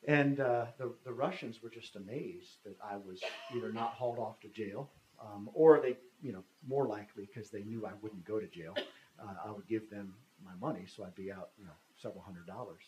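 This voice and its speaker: A man's voice: lowish voice, normal speed, darkish tone, roomy sound, a little hiss or hum, rough recording. A man in his fifties telling a personal story in a talk, speaking conversationally and acting out the dialogue. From United States. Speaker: guest speaker.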